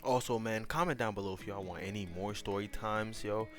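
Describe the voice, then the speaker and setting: A man's voice: on the low side, fairly quick, soft background music. A man with an African accent telling a casual storytime, slangy and profane, rambling with tag questions. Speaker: YouTube storyteller.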